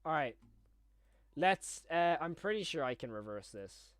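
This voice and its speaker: Excitable young man streaming live. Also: on the high side, unhurried, soft background music. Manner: chatty, rambling, easily excited.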